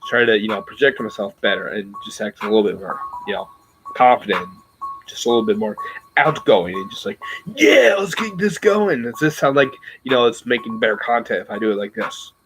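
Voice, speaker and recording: A man's voice: on the low side, fast, fairly bright tone, faint music behind, poor audio. A man casually chatting to his viewers, rambling and self-reflective, with many fillers and restarts. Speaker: YouTuber talking to his viewers. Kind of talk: casual livestream chat.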